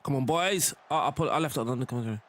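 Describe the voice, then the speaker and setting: A man streaming a football management game, talking casually and getting excited, at times shouting at the plays. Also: mid-range voice, very fast. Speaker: gaming streamer. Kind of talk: live game commentary.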